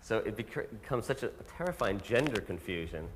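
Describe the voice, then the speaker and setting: Fast-talking wry male producer. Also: lively intonation, in a large hall, noisy background. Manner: fast, wry, trailing low at phrase ends. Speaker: songwriter and producer. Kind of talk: candid interview monologue.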